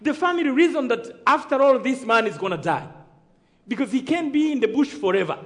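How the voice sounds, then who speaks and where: Guy with a really high voice, preaching his testimony, dramatic storyteller, asks for amens. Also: expressive, fairly quick, fairly bright tone. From Rwanda. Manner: dramatic storytelling, acting out dialogue, calling for amens. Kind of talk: sermon testimony.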